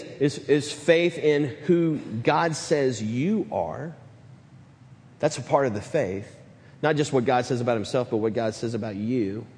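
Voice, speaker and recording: A man preaching a sermon, swinging between loud emphatic build-ups and hushed lines. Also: mid-range voice, big-room sound. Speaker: pastor.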